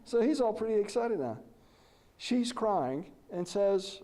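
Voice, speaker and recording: A middle-aged man giving a presentation, telling animated stories and posing questions to the audience. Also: sits high, measured pace. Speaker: lecturer. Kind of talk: conference presentation.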